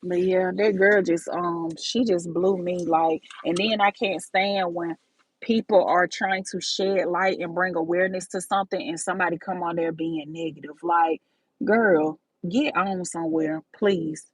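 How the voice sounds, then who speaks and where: A woman's voice: lowish voice, steady tone, moderate pace, slightly rough, no echo, low-quality recording. A woman, talking straight to her viewers in a casual livestream, calling them baby and y'all. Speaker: livestream host.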